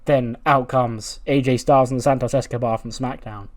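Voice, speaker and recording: A man narrating his wrestling management game run in a loose, chatty way. His pitch sits in an ordinary middle range. He keeps correcting himself and chuckles at his own jokes. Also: fairly even intonation, moderate pace. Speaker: game commentator. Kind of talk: casual narration of a wrestling sim playthrough.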